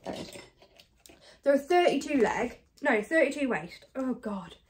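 A woman from the UK chatting casually to camera about her thrift finds, fast and self-deprecating, a bit out of breath. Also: high-pitched, lively intonation, a little hiss or hum. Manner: chatty and self-deprecating, talks fast with many ums and likes. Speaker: reseller vlogger. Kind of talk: casual haul chat to camera.

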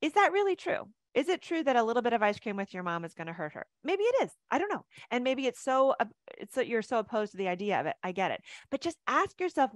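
Lively, chatty woman coaching online. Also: on the high side, quick pace, few pauses, no echo, clean studio sound. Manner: animated, chatty, laughs easily. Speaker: mindset coach. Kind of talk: webinar coaching talk.

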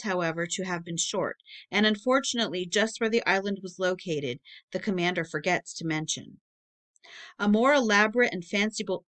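A woman reads an old legend aloud as an audiobook narrator. Her delivery is steady and measured, at a middle pitch for a woman. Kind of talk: reading a public-domain book aloud.

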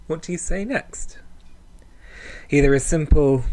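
A man's voice: mid-range voice, moderate pace, gravelly, darkish tone. A man hosting a playful slang language lesson as a podcast, with a camp, sing-song and cheeky delivery. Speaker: language teacher, podcast host.

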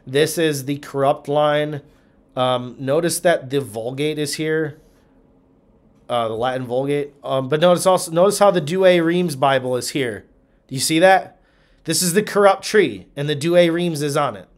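Slightly high-voiced man teaching from charts. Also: normal speed. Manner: thinking aloud, with frequent ums, restarts and check-ins like "okay?". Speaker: Bible teacher. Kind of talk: lecture walking through charts.

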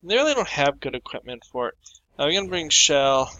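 A man casually commenting on his own playthrough of a video game, offhand and relaxed. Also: fairly high pitch, brisk, lo-fi sound. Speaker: gamer. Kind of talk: let's play commentary. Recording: voice over game audio with faint music.

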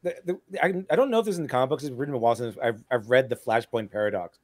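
Quick talking guy, kinda high voice, keeps restarting, thinking out loud, dry sound. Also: no room sound. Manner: halting, restarts, thinking aloud. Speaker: panelist. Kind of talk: casual panel chat.

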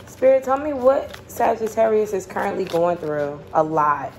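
A woman's voice: mid-range voice, expressive, moderate pace, vocal fry, slight background noise. Blunt, swearing woman tarot reader. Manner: blunt, profane and chatty. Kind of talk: casual tarot reading.

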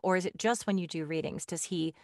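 A woman hosts a podcast in a slightly low voice, speaking with lively enthusiasm. Her sound is dry and close, with no room echo. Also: fairly quick. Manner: enthusiastic, animated storytelling. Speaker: podcast host. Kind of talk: casual interview chat.

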